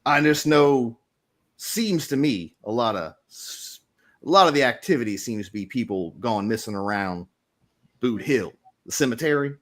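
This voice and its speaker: A man's voice: mid-range voice, lively intonation, moderate pace, lightly acted. A man playing a chatty small-town reporter. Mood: confiding. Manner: chatty, rambling, conspiratorial. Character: gossipy middle-aged male small-town newspaper reporter. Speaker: game master. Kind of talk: in-character tabletop role-play.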